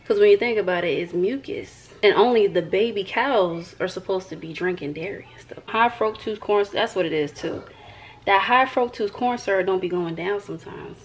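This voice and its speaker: A woman's voice: medium pitch, moderate pace, a little hiss or hum. A young woman from the American South, chatting playfully to the camera as a vlogger at home and talking to her viewers like friends. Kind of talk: casual chat to camera.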